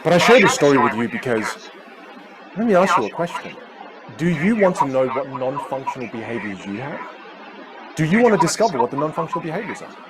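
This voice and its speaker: Animated man coaching a live masterclass. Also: fairly high pitch, fairly quick, heavy background noise. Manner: energetic, animated storytelling. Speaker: communication coach.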